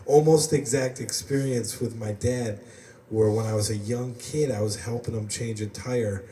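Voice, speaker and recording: A man's voice: mid-range voice, steady tone, normal speed, dark tone. A man from the United States hosting a podcast, telling rambling stories in casual chat and laughing often. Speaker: podcast host. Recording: roomy, distant mic, faint background noise.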